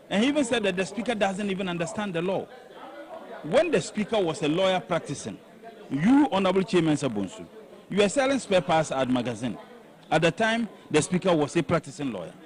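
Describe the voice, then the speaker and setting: A man with a Ghanaian accent, a politician speaking at a press conference in a deliberate, combative way. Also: high-pitched. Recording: crowd noise outdoors.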